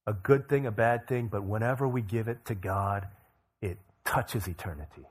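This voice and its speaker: A male pastor preaching, telling a story with rising bursts of energy and quiet low drops. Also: normal speed, slightly rough. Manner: energetic storyteller who rises in pitch and volume for emphasis, then drops low. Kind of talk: sermon storytelling.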